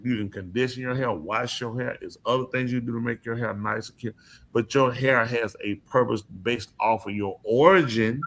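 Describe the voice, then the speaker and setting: A man's voice: mid-range voice, a bit bright. A man hosting a podcast, talking in a casual, emphatic and preachy way, often asking his listeners questions. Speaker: podcast host. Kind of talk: casual opinion talk.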